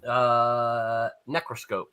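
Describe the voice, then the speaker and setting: A man's voice: medium pitch, monotone, very slow, bright, forceful tone, clean tone. A man, a former comics editor, telling a rambling anecdote in a casual panel chat, with frequent restarts and chuckles. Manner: rambling storyteller, chuckles often, many restarts.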